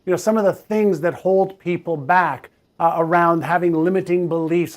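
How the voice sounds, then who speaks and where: A man hosting a casual interview, speaking calmly and reflectively, with a few hesitant restarts. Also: high-pitched, normal speed, hardly any pauses. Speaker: host.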